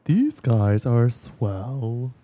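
A man doing a slow, drawling fan reviewer. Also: mid-range voice, sing-song, warm tone, full character voice. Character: female podcast listener reading her review.

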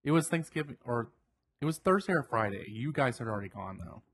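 A man co-hosting a podcast, chatting casually and telling a story with lively acted-out quotes. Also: mid-range voice, fairly quick, breathy edge. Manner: animated storyteller, acts out quoted voices. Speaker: podcast co-host. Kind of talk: casual chat.

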